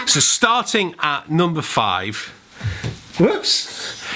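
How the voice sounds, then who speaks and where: A man's voice: medium pitch, bright, forceful tone. A man telling stories in a chatty, joking way for his vlog. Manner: chatty, jokey. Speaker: vlogger and saxophonist. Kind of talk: casual vlog storytelling. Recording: outdoor street and traffic noise.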